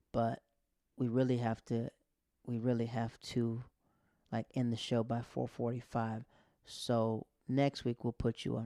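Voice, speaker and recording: A man's voice: mid-range voice, darkish tone, no room sound, clean studio sound. A man hosting his own podcast, a stand-up comic telling a loose, slangy story full of quoted dialogue. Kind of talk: casual storytelling monologue.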